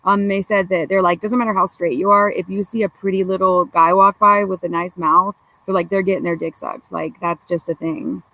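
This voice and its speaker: Young woman guest, blunt and sweary, gravelly bright voice, rambles on. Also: on the low side, steady tone, brisk, hardly any pauses, poor audio. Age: young adult. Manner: blunt, profane, rambling with many fillers. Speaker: podcast guest. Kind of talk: casual storytelling chat.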